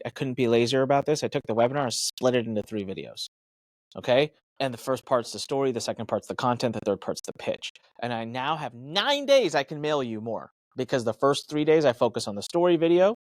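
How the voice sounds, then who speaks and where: A man guest on a podcast, giving energetic, emphatic business advice and acting out his own thoughts in quick asides. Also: medium pitch, dry recording. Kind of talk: animated advice talk.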